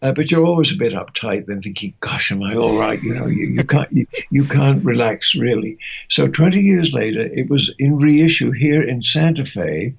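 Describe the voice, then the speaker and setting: An older man, a voice actor, recalls his career in a gentle, halting interview manner with frequent restarts. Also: mid-range voice, lively intonation, vocal fry, husky, highs cut off. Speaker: guest, voice actor. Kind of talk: interview reminiscence.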